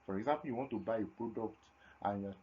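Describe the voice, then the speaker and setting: A man's voice: on the low side, quick pace. A man from Nigeria giving a classroom lecture on communication skills, asking the class questions and answering them himself, often repeating words for emphasis. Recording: dull lo-fi recording with faint noise.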